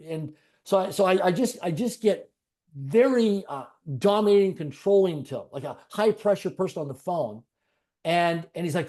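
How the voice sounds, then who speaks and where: Man, interview guest, earnest confessional storytelling, slightly high voice, warm mellow tone. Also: lively intonation, normal speed. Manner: earnest, confessional, repetitive phrasing. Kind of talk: personal storytelling in conversation.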